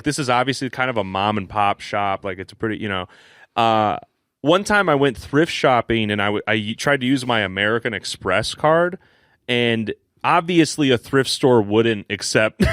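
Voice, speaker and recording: A young man co-hosting a podcast, telling a long story in casual chat, rambling with many fillers and quick laughs. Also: mid-range voice, fairly bright tone, no room sound, studio quality. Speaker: podcast co-host.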